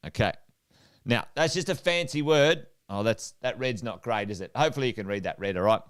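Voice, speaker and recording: A man's voice: mid-range voice, a little fast, clean tone. A middle-aged Australian man, an investment coach, talking energetically to a livestream audience, repeating points and quizzing viewers. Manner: energetic, repeats himself, asks viewers questions. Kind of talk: whiteboard livestream talk.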